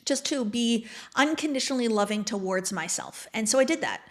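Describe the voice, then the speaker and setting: Podcast guest; woman, slightly high voice, candid and reflective, conversational. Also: expressive, brisk. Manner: candid, reflective, many "like" fillers. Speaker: podcast guest, manifestation mentor.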